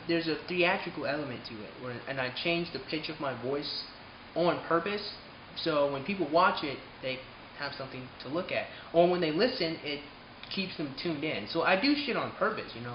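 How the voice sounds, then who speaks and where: A man hosting his own channel, talking to his viewers in a loose, unscripted rant. His voice swings widely in pitch, flaring hot and then dropping quiet, with plenty of swearing. The recording is roomy and a little muffled, with a faint hum behind him. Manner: animated, swings between heated outbursts and quiet asides, swears freely. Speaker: channel host. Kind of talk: casual direct-to-camera vlog rant.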